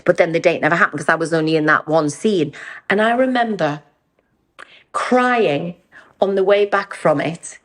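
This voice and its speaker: Geordie woman telling lively anecdotes. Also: fairly low pitch. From Newcastle, England. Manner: animated, theatrical storytelling with voiced quotes. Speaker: podcast host. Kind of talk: candid storytelling chat.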